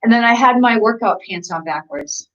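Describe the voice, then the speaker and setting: A woman's voice: fairly high pitch, normal speed, a bit bright. Woman fitness coach, chatty and giggly, easy rambling delivery, heard from a distance on muffled lo-fi audio. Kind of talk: casual livestream chat. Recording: distant, dull lo-fi sound.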